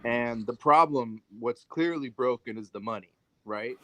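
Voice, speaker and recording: A man's voice: mid-range voice, measured pace, fairly bright tone, low-quality recording. A man from the United States talking casually as a podcast host, loose and conversational, with many fillers and restarts.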